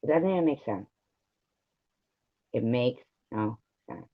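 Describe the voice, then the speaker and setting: A man's voice: medium pitch, very animated, slow pace, vocal fry, no room sound. A man live streaming, ranting at his viewers in a profane, rambling and confrontational way. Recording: dull lo-fi live stream audio.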